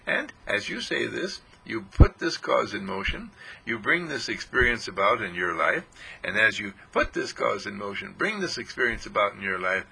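A man's voice: fairly low pitch, sing-song, moderate pace, vocal fry, bright, forceful tone, slightly rough, poor audio. A man giving an inspirational spiritual talk, speaking in repetitive, soothing affirmations. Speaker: spiritual teacher.

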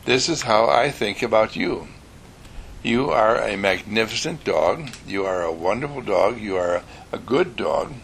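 A man voicing a calm, firm man who patiently gives orders to a dog in a told story. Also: on the low side, slight background noise. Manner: slow, patient, commanding.

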